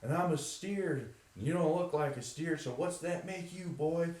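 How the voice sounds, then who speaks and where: A man's voice: a little high, voice pushed up, natural voice. A man barking as a taunting drill sergeant. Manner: loud, taunting, drawn-out demands. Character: barking drill-sergeant man hazing haunted-house guests. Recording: roomy echo.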